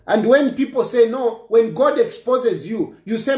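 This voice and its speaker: Fiery man with a lively, high voice. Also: unhurried. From Zambia. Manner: emphatic, taunting, repeats lines for effect. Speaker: political commentator. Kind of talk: impassioned political rant. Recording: roomy echo.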